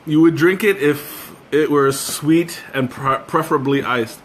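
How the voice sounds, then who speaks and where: A man's voice: fairly high pitch, a little slow, a little hiss or hum. A young man hosting a livestream, joking about himself and reading out chat comments. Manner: joking, self-mocking, reads out chat comments. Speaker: livestream host.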